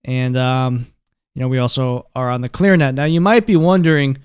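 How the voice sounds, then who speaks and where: A man's voice: mid-range voice, steady tone, moderate pace, smooth. Casual man hosting a tech tutorial. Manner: conversational, keeps checking in with "right?" and "okay?". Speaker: host.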